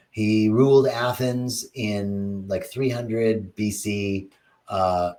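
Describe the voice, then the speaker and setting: A man giving a spiritual talk on a livestream, answering viewer comments in a reflective, animated storytelling way with big swings in tone. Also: lowish voice. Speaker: spiritual teacher.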